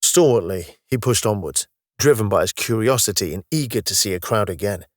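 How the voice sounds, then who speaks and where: A man narrating a science-fiction audiobook in a steady, even storytelling manner. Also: fairly low pitch, brisk, dry recording, clean studio sound.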